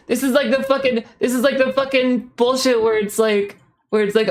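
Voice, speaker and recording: A woman's voice: fairly high pitch, steady tone, normal speed. A young woman in her twenties, a streamer ranting casually, heated and swearing with lots of fillers and restarts. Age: 20s. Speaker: VTuber streamer.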